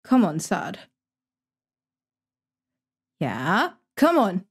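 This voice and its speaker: A woman's voice: mid-range voice, huge pitch swings, extremely slow, breathy edge. A young woman streaming herself playing a game, chatting casually, thinking aloud and swearing freely. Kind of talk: casual live-stream commentary while gaming.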